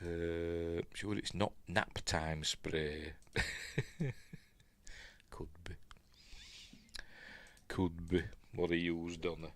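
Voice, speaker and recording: Low-pitched and flat, this middle-aged Yorkshireman draws out his words and leaves long pauses, his tone fairly bright. He's a film review host doing a casual watch-along in a Yorkshire English accent, rambling with ums and uhs and occasionally imitating characters for fun.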